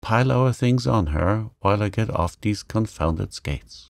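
A man voicing a brisk teenage boy giving urgent commands, in a storybook reading. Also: on the low side, animated, vocal fry, no room sound, clean studio sound.

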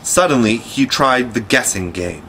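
A man's voice: mid-range voice, slight background noise, low-quality recording. Man reading a storybook aloud. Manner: measured, expressive storytelling. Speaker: audiobook reader. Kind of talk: scripted narration.

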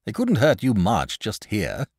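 A man's voice: fairly low pitch, wildly swooping pitch, measured pace, darkish tone, husky, dry recording, studio quality, pitched above the performer's own voice, heavily acted. A man voicing a frank, pleasant knight in a storybook reading, persuasive and patient. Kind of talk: audiobook character voice.

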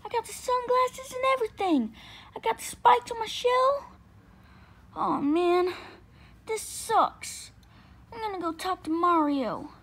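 A woman's voice: extremely high pitch, animated, a little slow, pauses often, fairly bright tone, full character voice. A woman voicing a sad, boastful young male turtle creature who talks in a whiny, self-pitying way in a toy skit. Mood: sulky.

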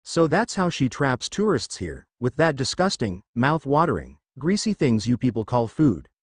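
A man's voice: medium pitch, sing-song, normal speed, slightly rough. A man voicing a cocky, hot-headed teen hero who bosses his friends around and trades jabs with them. His voice swings up and down with plenty of life, and it sits close and dry with no room echo, like a fan fiction storybook read aloud. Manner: cocky, teasing. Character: teen boy hero, brash and hot-tempered.

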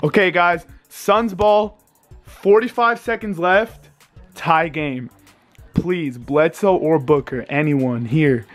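High-voiced anxious young man, pleading. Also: slow, faint music behind. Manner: anxious, pleading, swearing, swings between panic and groans. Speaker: vlogger reacting to a basketball game. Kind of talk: live sports reaction. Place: home, indoors. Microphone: handheld camera.

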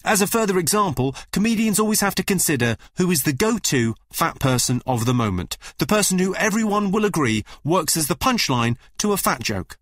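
A man presenting a comedy radio show in a dry, deadpan scripted delivery from a studio microphone. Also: sits high, a little fast, hardly any pauses, no echo.

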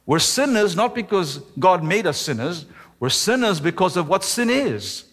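A man, the pastor, preaching a sermon with emphasis, slowing down and stretching key words. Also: sits high, very animated, a bit bright. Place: church sanctuary. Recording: echoey church hall.

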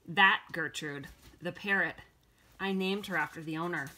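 Shy, hesitant male shopkeeper, stammering, bright timbre, read by a woman. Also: on the low side, moderate pace. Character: shy, awkward young man shopkeeper. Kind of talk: audiobook character voice.

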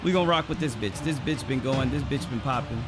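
A man giving live gameplay commentary, swearing and trash-talking and yelling when he gets excited. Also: mid-range voice, a little fast, loud music behind the voice. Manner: excitable, profane trash talk, shouts when hyped. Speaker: gaming channel host.

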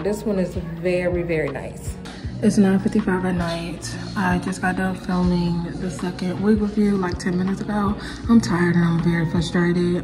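A woman's voice: on the low side, rough recording. Young woman chatting to camera, calls viewers y'all and baby, faint music behind. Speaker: vlogger and content creator. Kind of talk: casual vlog chat to camera.

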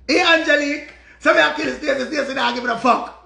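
A man with a Jamaican accent telling a story in an animated, profane rant and repeating his phrases. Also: very high voice, fast talker, vocal fry, reverberant. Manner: repetitive, profane, dramatic retelling. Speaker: vlogger.

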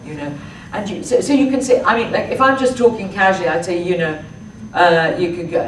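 A woman, an actress talking through her thoughts in a public talk, halting often with fillers and restarts. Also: on the low side, slight background noise. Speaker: actress answering audience questions. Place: public library talk room. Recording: echoey room from far off.

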